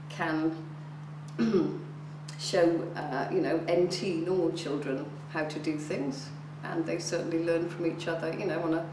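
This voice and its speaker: A woman who is a foster carer, talking calmly and proudly in an interview. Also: lowish voice, creaky. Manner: calm, steady, proud. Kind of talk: casual interview talk. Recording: echoey room, distant mic, noise.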